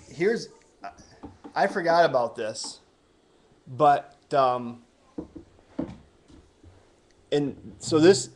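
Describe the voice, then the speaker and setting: A man in his own everyday voice, easygoing and friendly as he asks questions. His pitch sits in the middle range, and he talks at an ordinary pace. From United States. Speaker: interview host. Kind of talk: casual interview.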